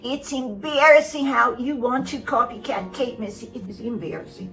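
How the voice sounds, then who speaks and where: A woman's voice: a little high, normal speed, a bit bright. A woman vlogger giving casual, sarcastic commentary, scolding and repeating words for emphasis. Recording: roomy sound, distant mic, faint music.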